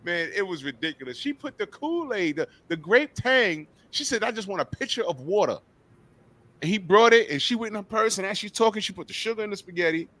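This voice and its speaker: A middle-aged man, hosting a podcast and telling a story in an animated, profane way. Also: high voice, fast talker, few pauses, no echo. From New York. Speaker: podcast host. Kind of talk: casual chat.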